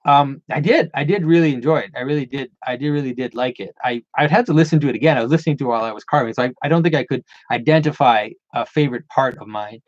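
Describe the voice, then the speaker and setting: A man's voice: mid-range voice, quick pace, hardly any pauses, no echo, muffled recording. A man hosting a casual livestream Q&A, rambling with frequent restarts and repeated words. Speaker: channel host answering viewer questions.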